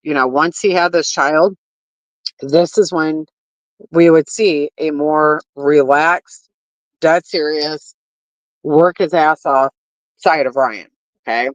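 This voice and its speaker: A woman's voice: deep voice, takes it slowly, long pauses, dry recording. A woman giving a casual opinion rant to her viewers, blunt and full of swearing and fillers. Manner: addresses viewers directly. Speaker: commentary streamer. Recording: dull lo-fi stream audio.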